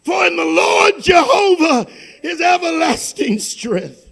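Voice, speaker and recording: A man preaches in a very high, gravelly voice, slow and drawn out. His sermon moves between hushed near-whispers and shouted, repeated phrases. The delivery is fervent and rhythmic. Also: animated. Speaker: pastor.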